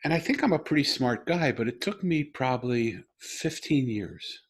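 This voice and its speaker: A middle-aged man hosting a podcast over a video call, telling an intimate story earnestly with halting restarts and bursts of emphasis. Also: medium pitch, expressive, slightly rough. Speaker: podcast host. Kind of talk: conversational storytelling.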